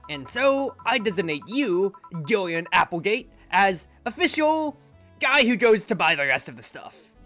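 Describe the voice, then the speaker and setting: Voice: mid-range voice, big pitch swings, unhurried, a bit bright, faint music behind, pitched above the performer's own voice. A streamer reading as a bossy bar owner. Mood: teasing.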